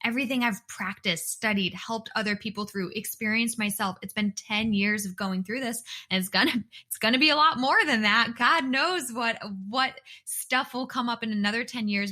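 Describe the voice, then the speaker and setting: A woman's voice: on the high side, normal speed, hardly any pauses, pushed and bright. A woman in her thirties hosting her own podcast alone from her bedroom, talking in an earnest, heartfelt way and repeating words for emphasis. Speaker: podcast host and dietitian. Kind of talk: solo podcast monologue.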